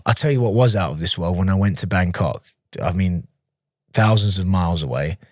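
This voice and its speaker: Chatty low-voiced man telling stories. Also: a little fast, dry recording, clean studio sound. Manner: chatty, restarts sentences, laughs easily. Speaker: podcast guest, professional fighter. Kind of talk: casual storytelling in an interview.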